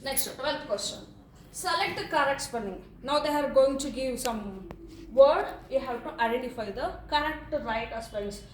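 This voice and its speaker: A high-pitched woman with an Indian English accent teaches English, going through exam questions one by one. She reads each option slowly and keeps saying okay as she explains. Her voice sits a bit back from the mic in a roomy, echoing space. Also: slight background noise. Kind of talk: exam answer walkthrough lesson. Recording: echoey room, voice from a distance.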